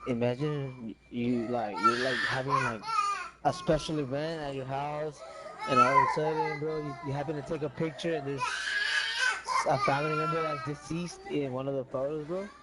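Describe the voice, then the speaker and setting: A man's voice: on the high side, steady tone, moderate pace, heavy background noise. A young man, chatting casually while gaming and switching between English and slang.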